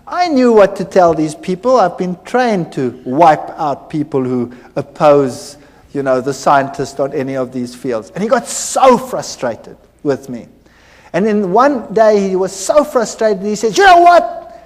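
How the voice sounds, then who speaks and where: A man, a former university lecturer, giving a personal testimony, telling his story with animated acted-out dialogue. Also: on the high side, measured pace. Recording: hall reverb.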